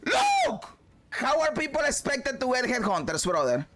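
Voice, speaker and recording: A man streaming a video game, commenting loudly, swearing and shouting at the game. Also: very high-pitched, very animated, a little fast. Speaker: gaming streamer. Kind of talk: excited gameplay commentary.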